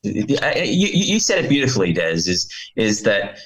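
Earnest male guest, low-ish voice, speaks on fatherhood and faith. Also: big pitch swings, normal speed, fairly bright tone, poor audio. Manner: earnest, quotes scripture. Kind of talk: earnest podcast conversation.

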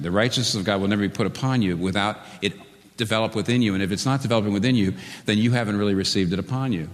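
A male pastor preaching a sermon, earnest and building to animated peaks before dropping to a quiet prayer. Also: mid-range voice. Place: church sanctuary. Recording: preached in a church hall with long reverb.

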